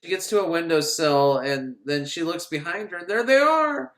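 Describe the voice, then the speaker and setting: A man's voice: fairly high pitch, normal speed. A man giving a casual, sarcastic film recap, acting out scenes as he goes. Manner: sarcastic, animated, acts out scenes. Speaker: film reviewer. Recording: roomy echo.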